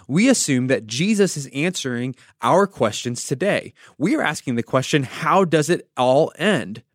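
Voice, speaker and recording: A man's voice: a little high, no room sound, studio quality. A man from the United States, a pastor hosting a devotional podcast, teaching through conversational storytelling with wry asides.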